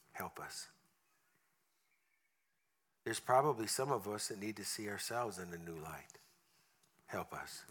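Bright-voiced man preaching. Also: lowish voice. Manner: earnest, with soft drops in prayer. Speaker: guest preacher. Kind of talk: storytelling sermon and prayer. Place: church service room.

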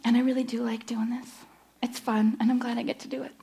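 A woman's voice: fairly high pitch, little pitch movement, vocal fry, warm tone. Candid, self-mocking woman preaching. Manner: candid, self-deprecating storytelling with quick asides. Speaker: speaker giving a church teaching. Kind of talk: personal sermon-style teaching.

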